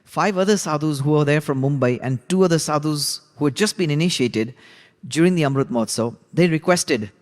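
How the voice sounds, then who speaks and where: A man teaching a religious class, retelling a biography in a relaxed, conversational way with frequent asides. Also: on the high side, a little fast, big-room sound. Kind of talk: storytelling lesson.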